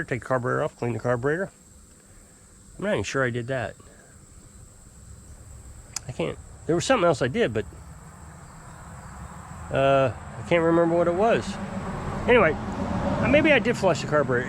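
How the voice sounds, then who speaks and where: A man telling a long, exasperated story to camera in a rambling, casual way. He mimics his customers in high, put-on voices. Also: lively intonation, normal speed, pauses often, slight background noise. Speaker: off-grid homesteader fixing small engines.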